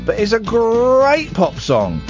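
A man's voice: extremely high pitch, wildly swooping pitch, highs cut off, loud music behind the voice. A man hosting a late-night radio phone-in, chatting playfully and teasing his co-host and callers. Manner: playful, teasing, quick jokes.

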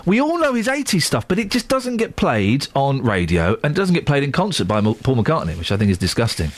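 A man's voice: mid-range voice, wildly swooping pitch, fairly quick. A man presenting a radio show in a casual, jokey way, full of asides.

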